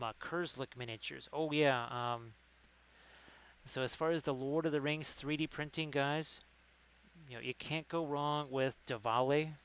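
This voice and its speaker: Clear-voiced man chatting on a stream. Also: medium pitch, a bit bright, poor audio. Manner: rambling, reads chat aloud. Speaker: livestream host. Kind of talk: casual chat while painting.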